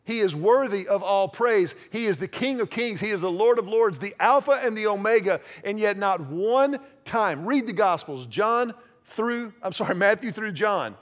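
Guy pastor w a high voice, chatty laid-back sermon, acts out little bits of dialogue. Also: animated, moderate pace. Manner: conversational, self-deprecating preaching with acted-out quotes.

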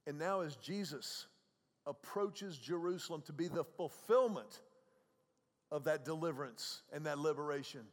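A man preaching a sermon as a pastor. He talks in a conversational way, often repeats words, and swings between soft, quiet passages and loud, raised ones. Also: a little high, animated, moderate pace, long reverb tail.

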